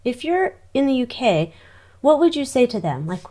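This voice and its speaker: A woman's voice: on the high side, very animated, fairly quick, darkish tone. A woman giving a casual psychic tarot reading, chatty and exclamatory, talking to her cards as she turns them. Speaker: tarot reader.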